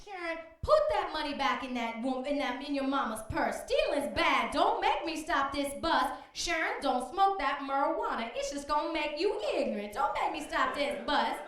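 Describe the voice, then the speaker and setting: A woman's voice: sits high, lively intonation, moderate pace, few pauses, a bit bright, voice pushed up. A woman voicing a bossy middle-aged woman bus driver who scolds and threatens, in a stand-up set. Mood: scolding. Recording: echoey comedy club.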